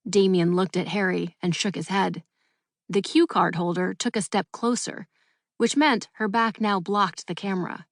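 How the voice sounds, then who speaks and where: A woman narrating a children's audiobook in a lively, expressive way. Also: mid-range voice, measured pace, no room sound, studio quality. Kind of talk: scripted storybook narration.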